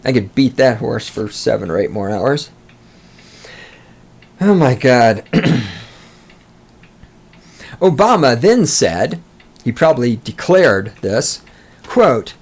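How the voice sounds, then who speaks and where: A man's voice: medium pitch, very animated, takes it slowly, vocal fry, long pauses. Sarcastic, profane male podcast ranter. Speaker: podcast host. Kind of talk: ranting political commentary.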